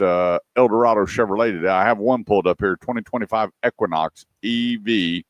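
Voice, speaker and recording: A man co-hosting a radio show, telling a lively story and acting out what people said. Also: on the low side, brisk, few pauses, no room sound. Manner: animated storyteller, acts out quotes. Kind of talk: casual radio chat and storytelling.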